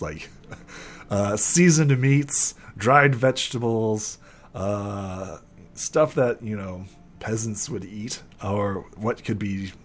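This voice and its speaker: Rambling young male game master. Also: lowish voice. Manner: rambling, heavy with fillers. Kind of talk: narrating a tabletop game.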